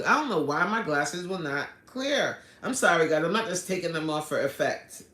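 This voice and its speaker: Earnest, bright-voiced coach in an echoey room. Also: male voice, fairly high pitch. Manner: earnest and heartfelt, apologizes often, frequent restarts. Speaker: fitness coach and livestream host. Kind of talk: casual livestream chat reading viewer comments.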